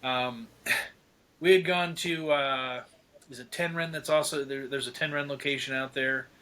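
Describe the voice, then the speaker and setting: A middle-aged man chatting on a podcast, telling animated stories, laughing often and acting out what people said. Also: mid-range voice, a little slow. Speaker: podcast guest. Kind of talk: casual storytelling chat.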